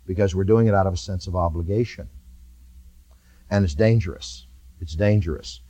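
A man's voice: low-pitched, moderate pace, pauses often, dark tone, no echo. A man preaching a sermon to his church with rising fervor, repeated phrases and folksy asides. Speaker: pastor.

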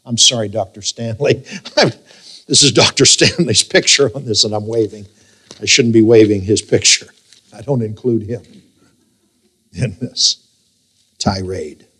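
A male pastor preaching a sermon, emphatic and reading scripture in a slow, drawn-out way. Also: fairly low pitch, pushed and bright, breathy edge.

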